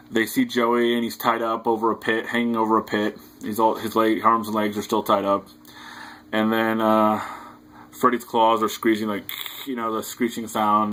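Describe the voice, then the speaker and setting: Young male reviewer, low monotone, hesitant rambling recap. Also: rough recording. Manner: hesitant, loose retelling full of fillers. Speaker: movie reviewer. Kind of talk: casual rambling film recap.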